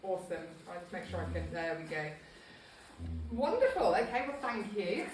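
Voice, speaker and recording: A woman's voice: medium pitch, very animated, moderate pace, recorded from a distance, slight background noise. A woman giving a casual local history talk to a small group, chatty and self-deprecating with many ums. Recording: echoey room, speaker off-mic.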